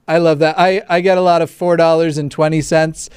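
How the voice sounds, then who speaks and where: A man's voice: fairly high pitch, level tone, brisk, darkish tone, clean tone, no room sound, studio quality. A man co-hosting a livestream, chatting casually with sarcastic, joking banter. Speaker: podcast co-host.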